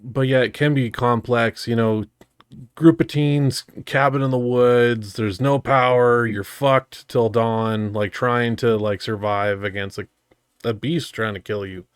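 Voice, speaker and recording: A young man co-hosting a podcast who talks casually and quickly, with frequent swearing. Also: mid-range voice, clean tone, no room sound, clean studio sound. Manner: swears casually, fast and animated. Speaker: podcast co-host. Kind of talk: casual chat.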